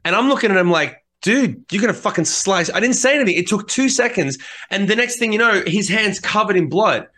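Animated, bright-voiced man telling stories. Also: high voice, fast talker. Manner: animated storyteller, swears freely, acts out quotes. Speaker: podcast co-host. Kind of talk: casual chat.

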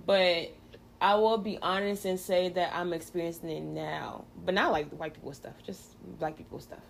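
A woman host in a relaxed faith conversation, playful and chatty, her words full of "um"s. Her voice sits low with a gravelly edge. A faint hiss runs underneath. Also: moderate pace. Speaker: podcast host. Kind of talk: casual faith chat.

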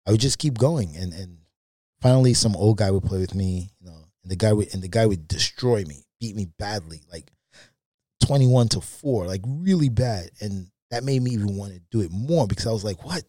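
A man as a podcast guest, telling candid personal anecdotes in a casual, animated way with frequent fillers. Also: on the low side, moderate pace, no room sound. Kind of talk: casual storytelling.

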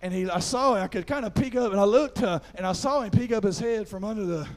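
A middle-aged man, a pastor, preaches fast in a high-sitting voice. His sermon is folksy personal storytelling full of "amen," building to loud preaching.

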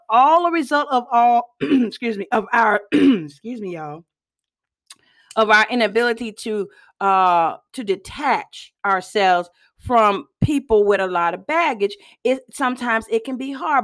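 A woman gives a casual motivational talk. Her voice sits a little high, folksy and chatty. She keeps pausing to cough and clear her throat. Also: fairly bright tone. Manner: chatty, folksy, addresses listeners as y'all. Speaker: host.

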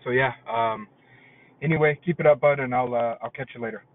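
A man's voice: mid-range voice, fairly quick. A man leaving a casual, hesitant voice message from his phone, with many fillers and some irritation. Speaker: caller, podcaster. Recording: tinny phone line with faint noise.

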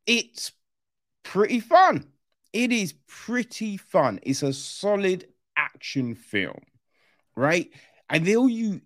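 A man giving a casual film review, chatty and animated, often tagging on quick questions and slang. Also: fairly high pitch, no room sound, clean studio sound.

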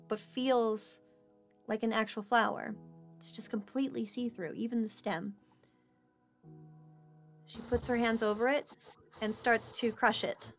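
A woman game master narrating a streamed tabletop game, animated and quick when signing off. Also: fairly high pitch, vocal fry. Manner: animated, quick sign-off with laughter.

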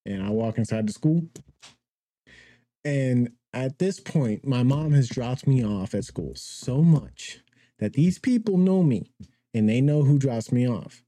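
A young man with a very dark, mellow voice tells a rambling story on a podcast, now and then laughing at his own tale. The sound is dry and close, with no room around it. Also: mid-range voice, lively intonation, measured pace, dry recording. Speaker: podcast co-host. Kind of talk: casual storytelling.

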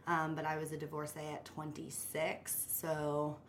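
A woman in her late twenties, a podcast guest chatting casually with a self-mocking edge and a touch of vocal fry. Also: deep voice, completely flat delivery, a little slow. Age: 20s. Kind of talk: casual chat.

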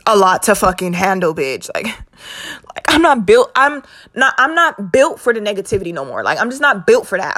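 A young woman telling a storytime rant to her viewers, animated and exasperated, with heavy cursing. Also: mid-range voice. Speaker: vlogger.

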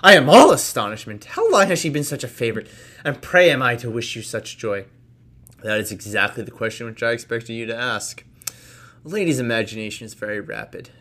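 A man reading the lines of a haughty, fashionable young society lady, quick and mocking. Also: fairly low pitch, steady tone, sharp tone.

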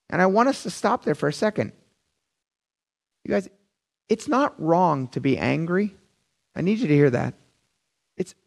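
A middle-aged man preaching a conversational, animated sermon, often calling the audience "you guys". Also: on the high side, creaky. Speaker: pastor.

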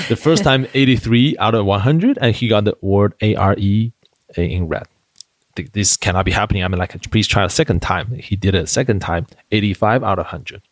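A man's voice: fairly low pitch, dry recording. A man, a company founder, answering interview questions in a chatty storytelling way, full of fillers and restarts. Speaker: edtech founder, guest. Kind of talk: interview conversation.

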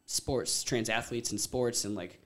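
A man's voice: medium pitch, unhurried. A man around thirty, originally from Ohio, talking as a podcast guest. He tells his story candidly, in a rambling way full of "like" and casual swearing. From Ohio, USA.

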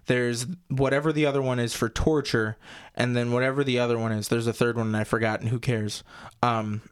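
A young man in casual chat on a podcast, ranting about things he hates with loose, profane energy. He often slips into mocking, exaggerated voices mid-sentence. His voice sits at an average pitch for a man. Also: fairly even intonation, normal speed, clear, resonant tone. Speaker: podcast co-host.

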